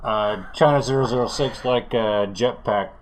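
A man reading out an airline pilot's radio calls from a transcript, hesitant and halting, in his own voice. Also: fairly low pitch, a little hiss or hum, voice pushed down, natural voice. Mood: matter-of-fact.

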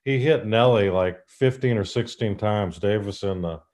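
A man hosting a casual podcast interview, his voice sitting low. He chats easily and laughs as he retells stories. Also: normal speed, darkish tone. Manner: chatty, laughs while telling anecdotes. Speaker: podcast host.

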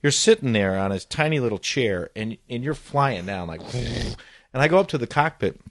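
A man's voice: medium pitch, expressive, normal speed, slight background noise. A middle-aged man, an actor and comedian, telling a comic story in casual chat. He acts out quotes and laughs often.

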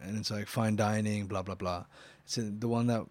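A man hosting a casual podcast chat, chatty and quick to chime in with "yeah" while telling anecdotes. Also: on the low side, fairly even intonation, a little mellow. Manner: chatty, back-channels "yeah" a lot, drops into quoted anecdotes.

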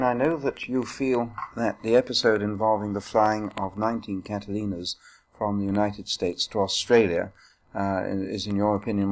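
A man with a low voice asks his questions in a formal, measured way. He pauses now and then with "uh" as he frames each question for his guest. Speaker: interviewer. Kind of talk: oral history interview questions.

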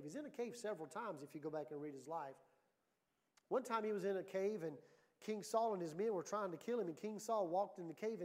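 A middle-aged male pastor delivers a sermon in a high-pitched voice. He tells stories with an animated lilt and swells into loud, emphatic lines. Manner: animated storytelling preacher, rising to loud emphasis.

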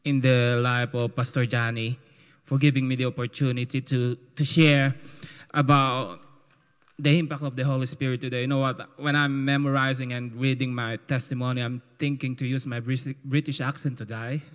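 A man with a Filipino accent giving a church testimony in an earnest, halting way, often restarting his sentences. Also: mid-range voice, little pitch movement, clear, resonant tone. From Philippines. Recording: long reverb of a church hall.

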